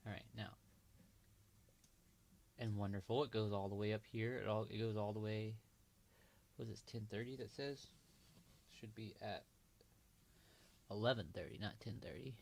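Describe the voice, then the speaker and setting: Low gravelly man thinking aloud. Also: fairly even intonation, moderate pace, pauses often, darkish tone. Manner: thinking aloud, hesitant, trailing off. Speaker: livestream host. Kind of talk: casual livestream chart analysis.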